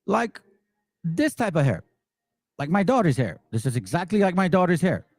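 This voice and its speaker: This man hosts a religious commentary channel, and his voice is high with wide swings in pitch, slightly mellow, at a moderate pace. He delivers a heated, profane, mocking monologue packed with repetition. The recording is dry and studio-clean.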